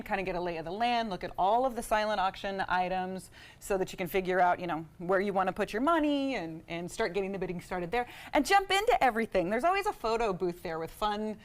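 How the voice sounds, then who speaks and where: A woman auctioneer chats brightly as a guest on a morning show. She talks in a cheerful, easygoing way and laughs often. Her voice sits in an ordinary middle range. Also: medium pitch. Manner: chatty and upbeat, laughs often. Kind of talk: casual TV studio chat.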